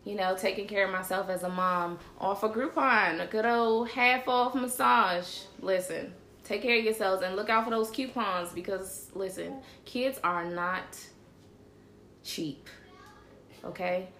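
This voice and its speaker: A woman's voice: medium pitch, unhurried, slight background noise. Chatty woman host in a roomy room. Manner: chatty, animated, addresses the audience as y'all. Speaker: show host. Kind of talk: casual chat, livestream. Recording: roomy echo.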